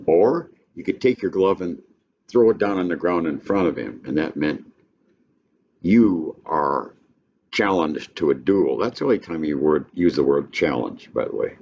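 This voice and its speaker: An older man lecturing a class on a play in a folksy, halting way, with frequent restarts. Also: rumbling low, animated, a little mellow. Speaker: literature teacher. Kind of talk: classroom lecture with read-aloud passages. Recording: dull lo-fi classroom recording with faint noise.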